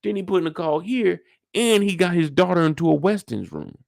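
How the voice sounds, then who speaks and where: Gravelly, lively male recap host. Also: sits high, fairly quick, no echo, clean studio sound. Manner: animated, profane, full of rhetorical questions. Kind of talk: casual episode recap.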